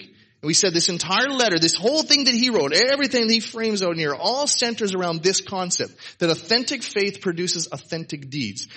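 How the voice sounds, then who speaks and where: Slightly rough and sharp in tone, this fairly high male voice belongs to a pastor at a church service. He preaches to the congregation in a casual, emphatic, conversational sermon, sprinkling in "right?"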